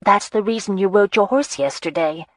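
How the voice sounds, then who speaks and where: A woman voicing a young, earnest marchioness in an audiobook, speaking briskly and earnestly. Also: mid-range voice, no room sound, clean studio sound, pitched above the performer's own voice, lightly acted.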